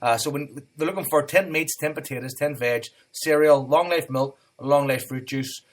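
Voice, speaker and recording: A Scottish man hosting a casual radio show, easygoing and animated when he tells a story. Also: on the high side, moderate pace. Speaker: co-host.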